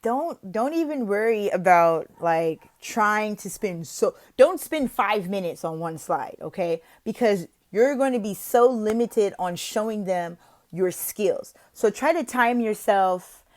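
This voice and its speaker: A woman teaching online, explaining interview tips in a chatty way and switching to an exaggerated, gasping teacher voice in her demos. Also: mid-range voice. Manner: lively, exaggerated teacher voice in the demos, with gasps and drawn-out questions; chatty, uses fillers like "like" and "you know". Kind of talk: casual tutorial with demo teaching.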